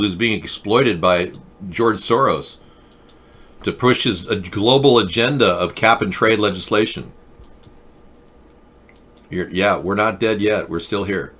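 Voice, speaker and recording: A middle-aged man hosting a talk show, delivering a rambling, mock-earnest monologue with a deadpan touch. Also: on the low side, husky.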